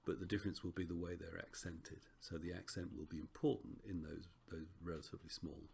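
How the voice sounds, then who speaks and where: A man teaching a recorded Greek lesson, relaxed and chatty with frequent ums and self-corrections. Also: low voice, fairly quick, gravelly, slight background noise.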